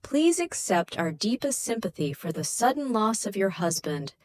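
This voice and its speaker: A woman voicing a soft-spoken, formal and apologetic male diplomat on the phone. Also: medium pitch, very animated, moderate pace, close to an everyday voice.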